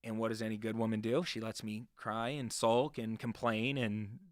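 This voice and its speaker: A man as an interview guest, telling his story candidly with profanity, swinging between hushed and loud. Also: fairly low pitch, flat delivery, normal speed, no echo, studio quality. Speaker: guest, real estate investor.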